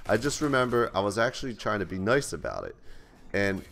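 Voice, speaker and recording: Young guy, deep voice, rambly cussing vlog storytelling. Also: big pitch swings, a little fast, creaky, fairly bright tone, a little hiss or hum. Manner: rambling, loose and profane, with many restarts. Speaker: vlogger. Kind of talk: casual storytelling to camera.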